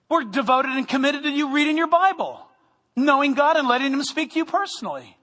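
A male pastor preaching a lively sermon to his congregation, joking with them and sometimes raising his voice. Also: very high-pitched, brisk, long reverb tail. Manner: animated preaching with humor, sometimes loud. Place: church sanctuary.

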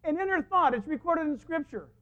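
A pastor preaches with lots of rise and fall in his voice, animated and storytelling. He slips into the voices of the people in his stories. The recording sounds dull and lo-fi. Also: extremely high pitch, brisk. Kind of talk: sermon.

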